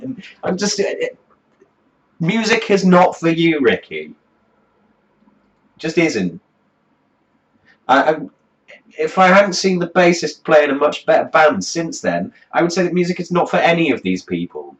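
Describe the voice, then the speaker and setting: A man's voice: fairly high pitch, sing-song, normal speed, pauses often, muffled recording. A man delivering a profane comedic rant as a music review host, swearing constantly in a mocking, exasperated way.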